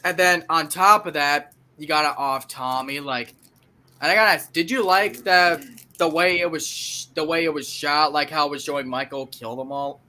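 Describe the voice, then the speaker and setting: Enthusiastic slangy male reviewer, bright forceful voice. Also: a little high, moderate pace. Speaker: film reviewer. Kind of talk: casual movie review chat.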